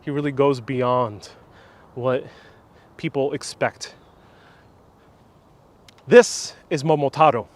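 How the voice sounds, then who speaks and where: A man hosting an outdoor tour, retelling a folk legend in a lively, casual way, recorded outdoors on a small wireless clip-on mic. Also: takes it slowly, pauses often. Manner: lively, casual retelling with pitch swings and fillers. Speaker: tour guide host. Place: outdoor sculpture park.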